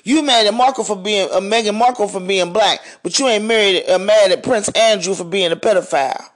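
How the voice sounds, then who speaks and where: A podcast host with a high voice speaks briskly in a blunt, profane, heated monologue, ranting throughout.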